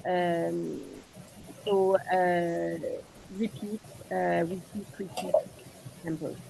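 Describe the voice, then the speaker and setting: A woman with a French accent answering questions in an online medical discussion, pausing often on "uh" over a video call. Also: fairly low pitch, fairly even intonation, gravelly, noisy background. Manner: halting, frequent "uh" pauses. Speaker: speaker.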